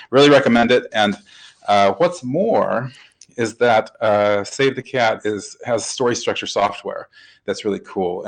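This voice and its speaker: A man's voice: lowish voice, low-quality recording. A man hosting a webcast interview, talking in an upbeat, chatty way with lots of fillers. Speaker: webcast host. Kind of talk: casual hosted interview.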